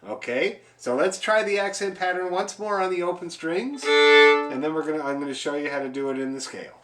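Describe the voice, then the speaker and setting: A man's voice: a little high, a little fast, a bit bright, soft background music. A man teaching an online fiddle lesson over a video call, encouraging and chatty, explaining and demonstrating as he talks.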